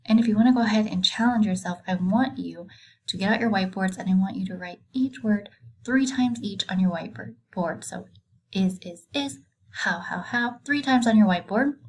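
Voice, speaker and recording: A woman's voice: medium pitch, normal speed, husky, rough recording. A woman teaching a recorded reading lesson to kindergarteners, patient and encouraging, asking simple questions and praising answers.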